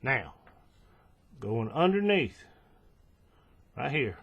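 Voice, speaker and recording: A man hosting a hands-on crafting tutorial, explaining each step in a relaxed way, checking in with the viewer and correcting himself as he goes, recorded at a table on the camera's own mic. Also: mid-range voice, extremely slow, breathy edge, dull audio. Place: indoors at a table, working close to the camera.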